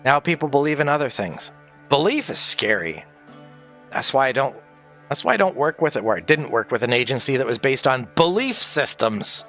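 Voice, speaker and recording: A man's voice: mid-range voice, pushed and bright. A man rambling through a casual livestream monologue, conspiratorial and heavy on swearing.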